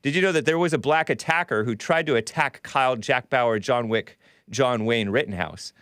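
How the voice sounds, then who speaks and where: A middle-aged man hosts a solo political talk show, delivering a sardonic, rambling monologue and laughing at his own jokes. His mid-range voice is a bit bright, clear, and resonant, at a moderate pace. The sound is clean studio audio with no room sound.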